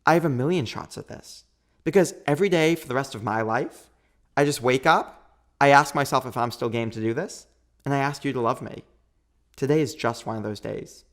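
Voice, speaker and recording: A man in his thirties, a podcast guest, telling a long story in a lively, quick way and acting out what people said. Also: medium pitch. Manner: animated, quick storytelling with acted-out quotes. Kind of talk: storytelling in a casual interview.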